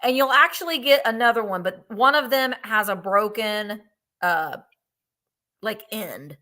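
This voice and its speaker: A woman's voice: medium pitch, expressive, unhurried, bright, forceful tone. A woman co-hosting a live sale, chattily walking through each lot. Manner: chatty, upbeat selling. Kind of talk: livestream sales pitch.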